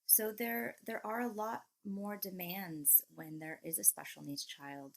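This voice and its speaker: A woman in her thirties, a mother of three, speaking as an interview guest in a reflective, measured way and pausing to rephrase. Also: mid-range voice, fairly even intonation, gravelly, low-quality recording. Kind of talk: heartfelt interview conversation.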